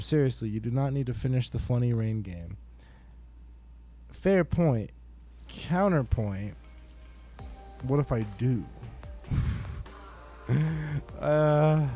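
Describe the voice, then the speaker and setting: A man's voice: medium pitch, lively intonation, slow pace, pauses often, dark tone, soft background music. A man streaming a game live, talking to himself and his chat with exasperated swearing and melodramatic pleading. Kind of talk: live gameplay commentary. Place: home desk setup.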